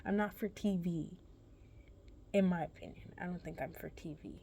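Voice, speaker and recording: A woman's voice: lowish voice, moderate pace, gravelly, dark tone, a little hiss or hum. A young woman vlogger casually telling a personal story, rambling and correcting herself in a laid-back, chatty way.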